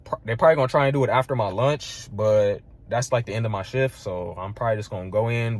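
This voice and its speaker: A man's voice: lowish voice, quick pace. A young man telling a heated, profane story about a clash at work, full of "like" and "bro". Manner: fills speech with "like" and "bro". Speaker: vlogger. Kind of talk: casual storytelling rant.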